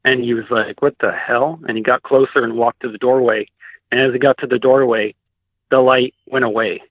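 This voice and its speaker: A man's voice: mid-range voice, little pitch movement, a little fast, no echo. A man, a guest on an interview show, telling his story in a casual, rambling way with many "likes" and restarts. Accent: Pacific Northwest American. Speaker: guest recounting a sighting. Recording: dry tinny phone line.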